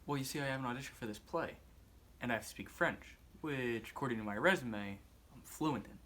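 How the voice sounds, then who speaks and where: A man's voice: medium pitch, fairly quick, bright, forceful tone, recorded from a distance, natural voice. A young man playing a clueless, overconfident boy who mangles French in a school comedy skit, stammering and goofy. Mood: pleading.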